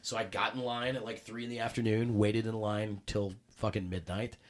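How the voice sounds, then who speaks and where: Animated, profane man telling a story. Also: lowish voice, moderate pace, crowd noise. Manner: profane, animated retelling with acted quotes. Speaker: podcast guest. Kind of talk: casual storytelling chat.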